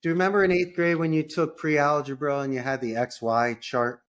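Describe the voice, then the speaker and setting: A man's voice: fairly high pitch, level tone, a little fast, fairly bright tone. A man, a call center executive and podcast guest, talking energetically and acting out phone calls in a salesman-like way. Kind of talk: casual interview talk.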